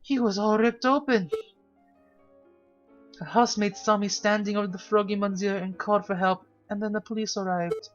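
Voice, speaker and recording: A game player voicing a cheerful, naive young female cat aristocrat with bubbly, sing-song storytelling, over a slightly dull lo-fi recording with soft music behind. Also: medium pitch, fairly even intonation, moderate pace, pitched above the performer's own voice, natural voice. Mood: eager.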